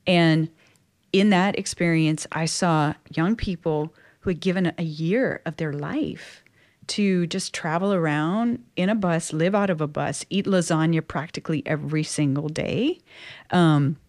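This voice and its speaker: Louisiana-raised nun, interview guest; slightly low female voice, chatty, expressive storyteller. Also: measured pace. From Louisiana, USA. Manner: chatty, expressive, frequent "like" fillers. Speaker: guest, Catholic religious sister. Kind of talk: personal storytelling in conversation.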